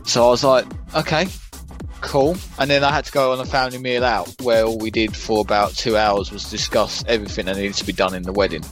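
A young man co-hosting a podcast, chatting casually in a flat, monotone way. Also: lowish voice, a little fast, faint music behind. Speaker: podcast co-host. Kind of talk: casual chat.

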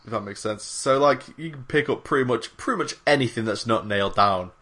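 A man's voice: mid-range voice, a little fast, fairly bright tone. A young man on a gaming podcast, rambling through a casual chat with lots of fillers. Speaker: podcast co-host.

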